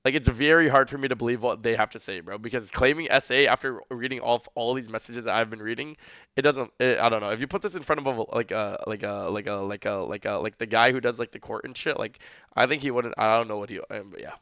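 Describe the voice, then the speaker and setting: Fast-talking gravelly male streamer. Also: medium pitch, fairly bright tone, dry recording, muffled recording. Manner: rambling, heavy on filler words and swearing. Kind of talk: casual stream reaction, reading messages aloud.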